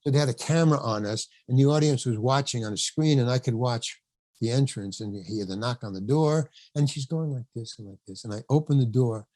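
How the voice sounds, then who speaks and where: An older man who acts is a guest on a podcast interview, telling a rambling backstage story in which he acts out the quotes, laughs a lot and swears now and then. His mid-range voice is brisk and a little mellow, with no room sound.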